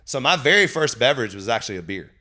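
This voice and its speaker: A man's voice: mid-range voice, very animated, fast, pushed and bright. A man, a company founder, telling his story casually in an interview, rambling with lots of fillers. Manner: rambling, full of "like" and "you know" fillers.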